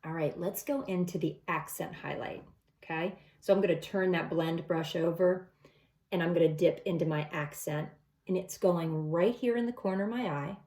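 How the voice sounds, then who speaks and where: A woman's voice: lowish voice, moderate pace, dark tone. A middle-aged woman talking through a makeup tutorial step by step in a casual, chatty way. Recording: echoey room.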